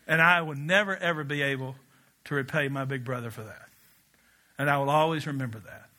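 Animated pastor from Kentucky, bright voice. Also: male voice, medium pitch. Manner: animated storytelling with laughs and shouted quotes. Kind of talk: sermon.

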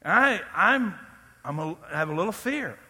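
A man preaching a sermon as pastor, animated, acting out loud pleading prayers and making joking asides. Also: high voice, moderate pace, breathy edge, in a large hall.

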